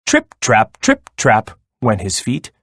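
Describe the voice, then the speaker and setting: A man reading a children's story aloud in a slow, expressive way. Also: mid-range voice, slightly rough, no echo, clean studio sound. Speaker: narrator.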